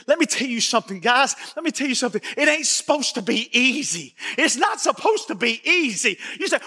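A middle-aged man preaching a sermon, emphatic and repetitive, at times shouting his points. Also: very high voice, sing-song, quick pace, few pauses, slightly rough. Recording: long reverb of a large church hall.

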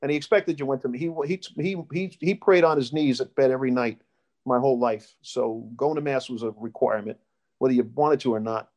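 A man's voice: medium pitch, darkish tone. A middle-aged man being interviewed, telling life stories in a rambling way with many restarts. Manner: rambling, with restarts and storytelling asides. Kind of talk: casual life-story interview.

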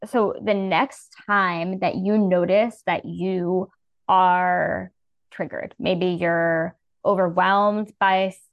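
A woman's voice: fairly low pitch, steady tone, slow pace, dry recording, highs cut off. A woman coaching listeners through a breathing practice in a soothing, earnest way, often saying "like". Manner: soothing, earnest, filler-heavy with "like". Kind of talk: guiding a breathing practice in casual talk.

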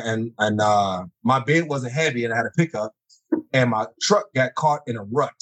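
A middle-aged man telling personal stories in conversation, acting out scenes with sudden high exclamations. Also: a bit bright, poor audio. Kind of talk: animated storytelling in conversation.

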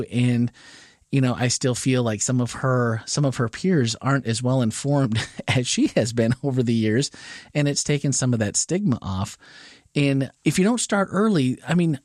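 A man's voice: mid-range voice, moderate pace, darkish tone, dry recording, clean studio sound. A man in his forties, a podcast co-host, talking casually and earnestly in long winding sentences. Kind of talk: casual conversation.

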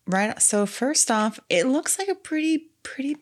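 A woman co-hosting a podcast, chatting casually and playfully through a movie trailer review with quick asides. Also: high voice, expressive. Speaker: podcast co-host.

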